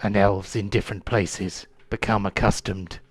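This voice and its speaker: Man doing a gruff shadow-elf emissary. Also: flat delivery, normal speed, no room sound. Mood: solemn. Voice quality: gruff low growl. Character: solemn Shadokai elf emissary of a death goddess.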